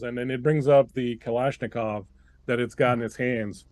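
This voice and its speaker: A man's voice: medium pitch, fairly even intonation, moderate pace, darkish tone. A man running a tabletop game as game master, narrating loosely with plenty of fillers and restarts.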